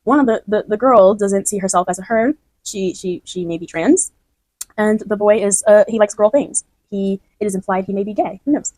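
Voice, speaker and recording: A woman's voice: medium pitch, normal speed, darkish tone, no echo, poor audio. A woman explaining her own poem in a chatty way, often restarting and checking that the listener follows. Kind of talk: casual spoken explanation.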